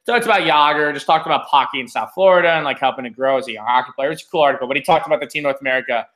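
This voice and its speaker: A young man co-hosting a hockey podcast, chatting casually with animated, sarcastic rants. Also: mid-range voice, very fast. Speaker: podcast co-host. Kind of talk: casual chat.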